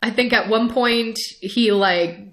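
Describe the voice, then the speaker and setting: Animated woman recapping a show. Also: a little high, slow. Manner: animated, laughs often, frequent restarts. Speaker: podcast co-host. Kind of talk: casual show recap and commentary.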